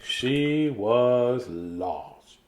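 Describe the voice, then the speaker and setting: A man's voice: medium pitch, lively intonation, drawn-out words, a little mellow. A man reading a bedtime picture book aloud on a live stream, breaking off for chatty, chuckling asides. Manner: chatty, chuckling asides between read lines. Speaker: storybook reader and host.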